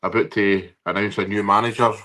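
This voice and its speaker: A man's voice: fairly low pitch, steady tone, fast talker, bright, forceful tone. A Scottish man hosting a casual podcast chat, recounting memories and steering the topics.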